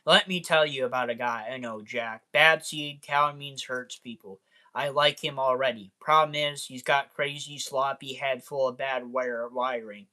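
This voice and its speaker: Sly grinning clown villain a guy reads out, taunting, bright edgy voice, comic book read-aloud. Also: mid-range voice, fairly even intonation, measured pace.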